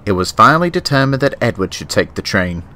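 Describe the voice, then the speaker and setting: A man reading a children's storybook narration in a gentle, expressive manner. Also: fairly low pitch, fast talker, very noisy.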